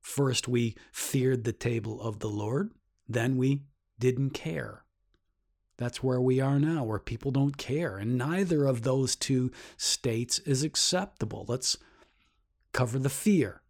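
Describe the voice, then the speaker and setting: Slow, earnest man teaching a Bible lesson. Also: darkish tone. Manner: earnest, explaining with rhetorical questions; rises sharply in pitch for emphasis.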